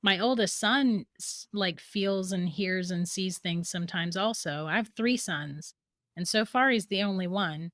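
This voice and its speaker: A woman as a podcast guest, telling a story in a lively way and laughing through it. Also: medium pitch, unhurried, dry recording, clean studio sound.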